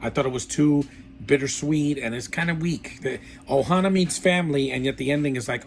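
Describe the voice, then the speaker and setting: A man's voice: mid-range voice, fairly quick, vocal fry, a little hiss or hum. A man giving a casual, rambling film review with blunt opinions and lots of fillers. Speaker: movie reviewer.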